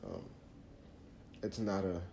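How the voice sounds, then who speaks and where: Low, mellow-voiced man giving faith advice. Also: big pitch swings, slow pace, vocal fry, roomy sound, slight background noise. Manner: earnest, preachy, restarts phrases. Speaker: podcast host. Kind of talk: casual faith talk, monologue.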